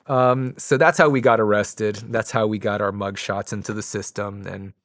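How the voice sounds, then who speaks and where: A man's voice: on the low side, steady tone, moderate pace, hardly any pauses, a bit bright, no echo, studio quality. A man in his forties, a podcast guest, telling a long story in a casual way, rambling with lots of fillers and restarts.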